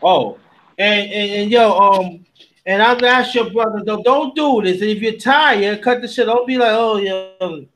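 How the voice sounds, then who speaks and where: This is a man with a very high voice that has a bright, cutting edge. He hosts a casual livestream panel and talks in an animated, slangy way. A faint hiss sits under his voice. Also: normal speed, poor audio. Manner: animated, scolding and joking, slangy.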